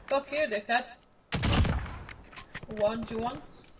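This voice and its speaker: A woman's voice: fairly high pitch, takes it slowly, far from the mic, heavy background noise. A woman playing a video game with a friend, teasing and cheeky as she banters. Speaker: gaming partner. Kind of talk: casual gaming banter.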